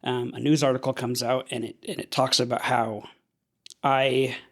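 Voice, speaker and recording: Earnest man with a gravelly voice. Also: mid-range voice, flat delivery. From Idaho. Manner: earnest, halting, with frequent restarts. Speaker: podcast guest. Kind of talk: personal storytelling.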